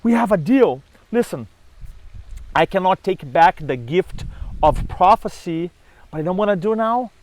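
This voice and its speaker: A man voicing a smooth-talking, pushy male god in a told myth, persuasive and insistent. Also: high-pitched, expressive, unhurried, slight background noise. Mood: angry.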